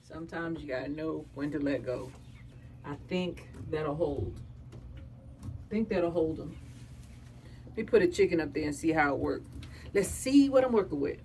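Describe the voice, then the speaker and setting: A woman's voice: deep voice, expressive, moderate pace, pauses often, dark tone, slight background noise. A woman homesteader recording a casual vlog outdoors at her backyard coop, playfully teasing and talking to her hens as if they were children.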